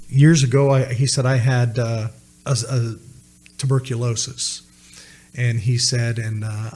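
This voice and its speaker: A man's voice: medium pitch, darkish tone. A man, telling a personal story as a podcast guest, earnestly retelling conversations. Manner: earnest, retells dialogue with many "he said" asides.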